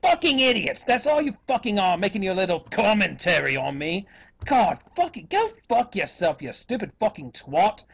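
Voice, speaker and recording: A man's voice: sits high, very animated, moderate pace, gravelly, a bit bright, slightly rough, exaggerated voice. A man putting on a British accent as an evil professor persona, ranting and cursing at other video makers. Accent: put-on British. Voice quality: profane, insulting rants. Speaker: YouTube commentator.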